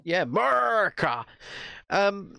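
A man's voice: high voice, very animated, takes it slowly, gravelly, sharp tone. A man hosting a casual podcast, rambling and joking with swearing. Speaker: podcast host. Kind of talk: casual chat.

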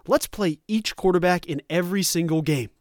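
A man's voice: sits high, moderate pace, no echo, studio quality, lightly acted. A man putting on a breezy, stubborn middle-aged football coach with a folksy Southern drawl. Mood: breezy, dismissive.

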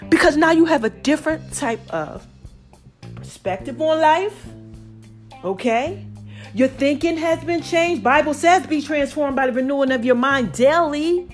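A woman's voice: sits high, a little slow, faint music behind. A woman hosting a podcast, giving casual motivational talk in a playful way, repeating phrases and calling her listeners "baby.". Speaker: podcast host.

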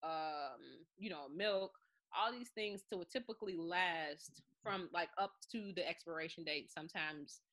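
A woman's bright, forceful voice carries this relaxed podcast chat. She talks in an animated way, swears freely and puts on quick voices for the people in her stories. She sounds middle-aged. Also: fairly low pitch. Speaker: podcast co-host. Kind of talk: casual chat.

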